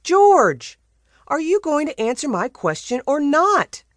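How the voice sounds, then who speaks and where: A woman's voice: mid-range voice, very animated, normal speed, a little mellow, dry recording, pitched above the performer's own voice, natural voice. A woman voicing a blunt, outspoken woman reporter who presses her questions. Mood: insistent. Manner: blunt, insistent.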